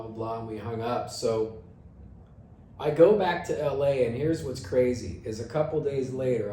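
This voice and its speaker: A man's voice: medium pitch, dark tone, echoey room, slight background noise. A middle-aged man telling the story of his band in a casual monologue, swearing and acting out his own angry reactions.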